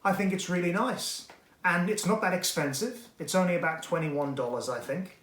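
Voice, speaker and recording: A man's voice: high voice, normal speed, a bit bright. A man hosting a weekly magic product review in a rambling, digressive, self-deprecating manner. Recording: echoey room.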